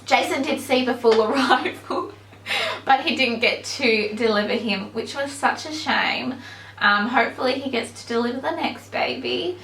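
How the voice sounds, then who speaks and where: A woman's voice: a little high, moderate pace, creaky, a bit bright, a little hiss or hum. A young woman vlogger telling a personal story to camera in a chatty way, with many ums and likes. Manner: chatty, many "um"s and "like"s, bursts of laughter. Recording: echoey room.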